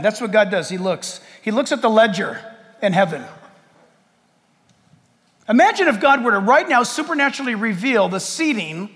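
Male pastor, high and animated, jokey yet fervent preaching; reverberant church sanctuary. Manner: impassioned, jokey, rhetorical questions. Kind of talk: sermon. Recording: long church hall reverb.

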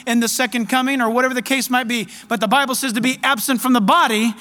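A man preaching a sermon as pastor, fervent, loud and excited. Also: extremely high pitch, quick pace, long reverb tail.

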